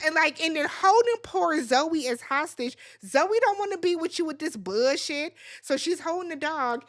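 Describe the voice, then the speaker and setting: A woman's voice: high voice, fairly bright tone. A woman hosting a reality TV recap, talking in a blunt, sassy and profane way. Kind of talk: casual recap commentary.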